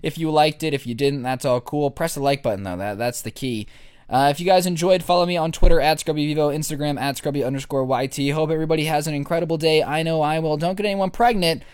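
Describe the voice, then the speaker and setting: A man's voice: on the high side, fast, smooth, no room sound, clean studio sound. Sarcastic young man telling a story. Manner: sarcastic, crude deadpan asides. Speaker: vlogger. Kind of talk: comic storytime.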